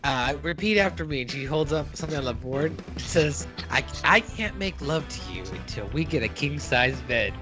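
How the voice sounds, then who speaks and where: A man's voice: medium pitch, expressive, moderate pace, hardly any pauses, over music. Chatty man retelling a cartoon. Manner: retells scenes while acting out the characters' lines, laughing often. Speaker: podcast host recapping a cartoon episode. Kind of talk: casual chat.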